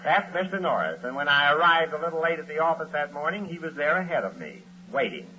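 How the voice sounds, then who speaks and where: An actor playing a long-suffering, sardonic husband who also narrates, in a 1940s radio comedy. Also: male voice, on the high side, big pitch swings, quick pace. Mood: wry narration. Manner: dry and sardonic, wisecracking narration. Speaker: narrator and lead. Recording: dull old radio broadcast with loud hiss.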